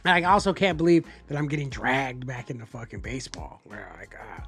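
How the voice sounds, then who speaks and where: A man hosting a podcast, telling animated, profane stories in casual chat and acting out what people said. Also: mid-range voice, a little fast, breathy edge, soft background music. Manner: profane, animated storyteller, acts out quotes. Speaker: podcast host.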